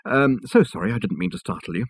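Courtly old don, a guy reading him, husky, fussy formal way of talking, dry close sound. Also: on the low side, expressive, fast, no room sound. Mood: shaken. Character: eccentric elderly male college don. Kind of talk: audiobook character voice.

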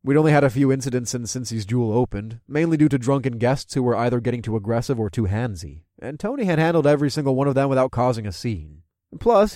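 A man's voice: medium pitch, darkish tone, no room sound, studio quality. A man reading a first-person story aloud in a casual, chuckling manner. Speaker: audiobook narrator. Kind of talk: first-person audiobook narration.

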